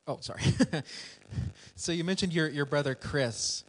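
Slow, hesitant male interviewer. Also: on the high side. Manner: hesitant, restarts questions. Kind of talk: interview questions.

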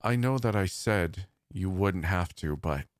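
Man playing a determined male guard, earnest, coaxing, low voice, audio story. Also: lively intonation, a little slow, dry recording, studio quality. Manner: earnest, coaxing, grows firm. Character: frightened but resolute adult male guard. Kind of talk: storytelling narration with acted dialogue.

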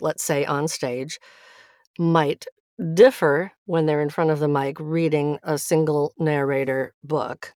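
A woman, an audiobook narrator and acting teacher, talking in a podcast interview, animated, laughing often and restarting phrases. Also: low-pitched, no room sound, clean studio sound.

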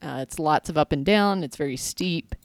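A woman's voice: low voice, moderate pace, dry recording. Chatty woman podcast co-host, dry sound. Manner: laughs easily, rambling storytelling. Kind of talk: casual chat.

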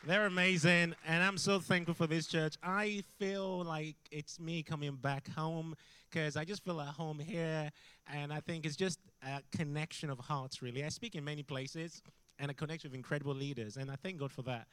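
A middle-aged man preaching as a guest in a church, intense and animated, breaking into shouts as he tells stories. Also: on the high side, normal speed, clean tone, dry recording. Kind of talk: sermon. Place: church hall.

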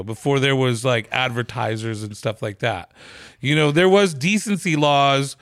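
A man's voice: mid-range voice, dry recording. A man hosting a casual podcast, telling a profane comedy-club story and acting out the quotes. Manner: animated, profane, acts out quotes.

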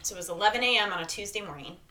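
A woman's voice: mid-range voice, rapid-fire, pushed and bright. A woman co-hosting a podcast who tells a story in a chatty way, with playful asides. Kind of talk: casual chat.

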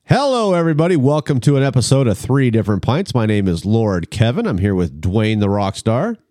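A man's voice: mid-range voice, big pitch swings, brisk, mellow, dry recording. A man hosting a casual beer-tasting show, joking and laughing as he leads the segments. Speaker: podcast host.

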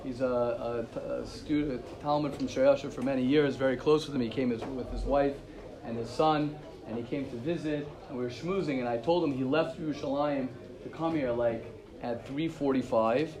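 A man teaching an informal religious class, telling stories in an animated way and repeating his phrases. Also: mid-range voice, moderate pace, crowd noise. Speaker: Torah teacher.

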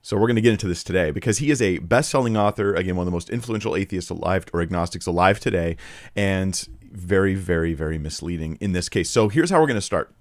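A man's voice: low-pitched, lively intonation, fast, no room sound, studio quality. A man teaching a verse-by-verse Bible series, talking earnestly and directly to his listeners.

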